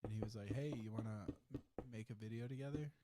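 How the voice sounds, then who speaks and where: Laughing, swearing podcast host, noisy line. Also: male voice, on the low side, fast. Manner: laughs often, swears freely. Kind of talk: casual chat.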